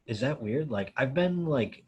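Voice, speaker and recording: A comedian from Buffalo, New York, guesting at a Q&A, who tells a story in a casual, animated way, swearing often and saying "like" a lot. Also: male voice, mid-range voice, unhurried, slightly rough, lo-fi sound.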